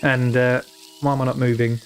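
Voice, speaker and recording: A man's voice: mid-range voice, little pitch movement, normal speed, vocal fry, a little hiss or hum. A British man streaming a game, reading the text aloud and joking at his own expense. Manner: self-mocking, reads game text aloud, laughs often. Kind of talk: casual live-stream commentary.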